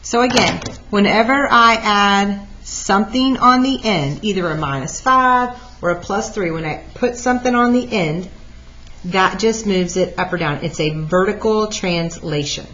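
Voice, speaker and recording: A woman teacher walking through a math lesson out loud, lively and talking through each step. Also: mid-range voice, unhurried, slight background noise. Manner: lively, talks through steps aloud. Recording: dull lo-fi recording.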